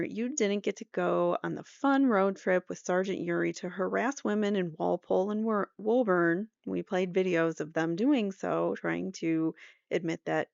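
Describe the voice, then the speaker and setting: Woman podcast host, low gravelly voice, sarcastic and chatty, dry lo-fi recording. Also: a little mellow, no room sound. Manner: sarcastic, chatty, laughs at her own asides. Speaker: true crime podcast host. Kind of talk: casual commentary reading an article aloud.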